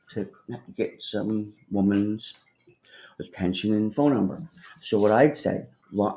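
Warm and mid-range, this male livestream host talks casually with his audience. He wanders from topic to topic, swears freely, and laughs frequently.

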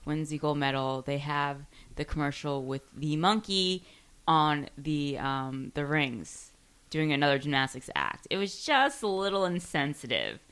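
A woman's voice: low-pitched, animated, measured pace, fairly bright tone, smooth. A woman in a casual podcast chat, making dry, joking asides.

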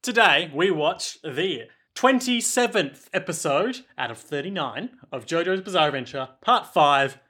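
Bright-voiced joking man co-hosting a podcast. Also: fairly high pitch, animated, a little slow, hardly any pauses, husky. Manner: playful, does mock announcer bits. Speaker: podcast co-host. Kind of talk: casual comedic chat.

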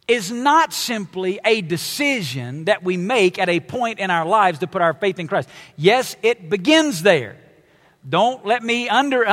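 A man's voice: high-pitched, a bit bright. A man preaching a sermon as pastor, stretching out key words with emphasis. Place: church auditorium. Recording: long hall reverb.

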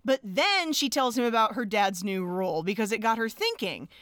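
A woman hosting a podcast, recapping a film in animated, chatty talk with frequent laughs. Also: a little high, normal speed, no echo, clean studio sound. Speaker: podcast host. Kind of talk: casual film recap chat.

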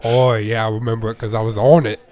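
A man's voice: fairly low pitch, little pitch movement, fast talker, mellow. Dry young man bantering while gaming. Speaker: gamer.

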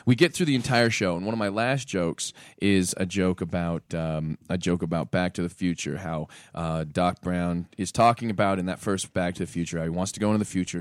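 Animated man telling a comedy story. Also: sits low, no echo. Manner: animated, acts out the people in his stories. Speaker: stand-up comedian, podcast guest. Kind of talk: casual storytelling.

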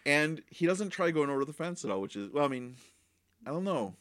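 A man co-hosting a podcast, recapping a TV episode in casual, animated chat. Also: on the high side, brisk. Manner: animated retelling with acted-out dialogue. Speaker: podcast co-host reviewing TV episodes.

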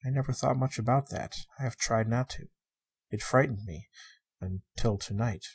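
A man reading the part of a shy, wondering sixteen-year-old girl, in a soft, earnest and innocent way. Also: mid-range voice, moderate pace, slightly rough. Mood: wistful.

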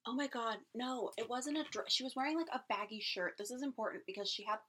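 A woman with a bright, fairly high voice tells a long story in a casual podcast chat. She talks animatedly, fills her sentences with "like," and acts out what people said. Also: fast, slight background noise. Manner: animated storyteller, heavy "like" filler, acts out quotes. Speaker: podcast co-host.

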